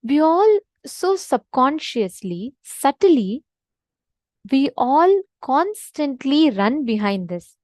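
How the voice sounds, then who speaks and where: A woman's voice: high voice, very animated, slow pace, a little mellow, no echo, studio quality. A woman giving a devotional teaching session, speaking earnestly and emphatically and repeating her key points. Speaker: spiritual teacher.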